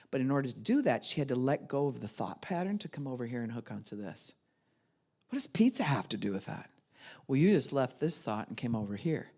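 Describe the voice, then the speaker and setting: An older woman pastor giving a sermon, telling stories and acting out the voices in them. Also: low voice. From United States. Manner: animated storytelling, acts out voices.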